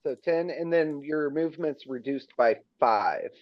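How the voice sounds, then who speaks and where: A man's voice: on the high side, unhurried, no room sound. Casual male dungeon master, dull dry sound. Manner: casual, laughing, matter-of-fact rulings. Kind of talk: running a tabletop game.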